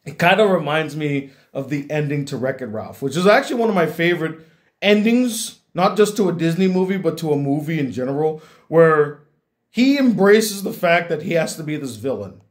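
A man's voice: fairly high pitch, lively intonation, moderate pace. A young man, a YouTube critic, talking earnestly and reflectively to his viewers, often repeating words as he gathers his thoughts. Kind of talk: heartfelt talk to camera.

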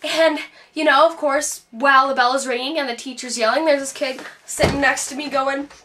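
A woman's voice: high voice, fairly even intonation, moderate pace, distant mic, noisy background, lightly acted. A woman playing a bitter, depressed teenage girl who vents sarcastically in a scripted video-diary monologue. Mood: sardonic. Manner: sarcastic, exasperated storytelling.

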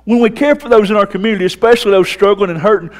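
A high-pitched Southern man preaching to his congregation in a folksy, storytelling way, his voice ringing out loud, then dropping to soft asides. The sound carries a long church-hall reverb. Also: rapid-fire. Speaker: pastor. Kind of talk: sermon. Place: church sanctuary.

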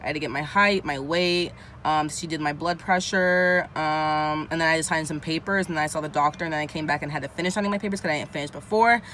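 A woman's voice: sits low, fast, hardly any pauses, fairly bright tone, slight background noise. A young woman talking candidly into a handheld phone for her vlog, rambling and swearing freely. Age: young adult. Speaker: vlogger. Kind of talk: casual handheld vlog to camera. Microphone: handheld phone camera.

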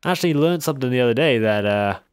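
Man, mid pitch, chatty let's-play host who teases his characters, dry close sound. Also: expressive, rapid-fire, clean tone, no echo. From West Country, England. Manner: chatty, teasing, talks to game characters. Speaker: gaming video host. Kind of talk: casual gameplay commentary.

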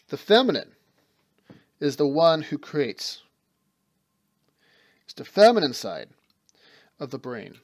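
Man lecturing on spiritual philosophy. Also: medium pitch. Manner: explains with everyday examples, talks in fits and starts with restarts. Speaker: teacher of a mystery school. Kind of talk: spoken lecture.

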